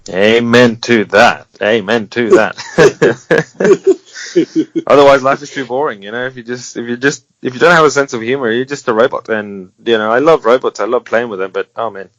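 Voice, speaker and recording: A man's voice: medium pitch, a little fast, dry recording. A man speaking as an interview guest, giving earnest, encouraging advice with wry humor and some restarts. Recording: dull lo-fi sound, dry.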